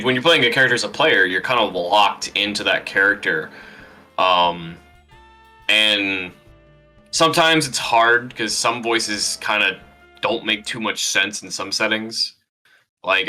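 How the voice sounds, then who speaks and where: A man's voice: fairly low pitch, bright, forceful tone, rough recording. A man serving as game master, chatting casually in a rambling, easygoing way with lots of filler words. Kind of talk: casual table talk.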